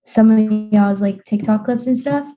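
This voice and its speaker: A woman's voice: mid-range voice, normal speed, warm tone, soft background music. A young adult woman chatting as a podcast guest, talking loosely with lots of "like" and frequent laughs. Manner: chatty, laughs often, says "like" a lot. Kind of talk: casual chat.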